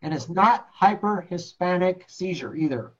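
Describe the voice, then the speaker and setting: A man's voice: high voice, animated, moderate pace, muffled recording. A man teaching paramedics in a classroom lecture, blunt and joking, acting out patient stories. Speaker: paramedic instructor.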